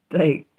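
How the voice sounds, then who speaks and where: Slow-talking woman rambling on a livestream. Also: warm tone. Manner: rambling, giggly, trailing off. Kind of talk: casual livestream chat.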